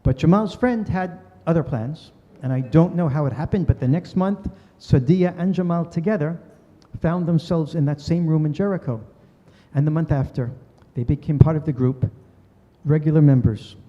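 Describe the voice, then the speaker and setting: This older man speaks a little high at a moderate pace, earnestly relating a story during a talk and voicing its characters. He's in a synagogue hall with plenty of reverb, and the audio is dull.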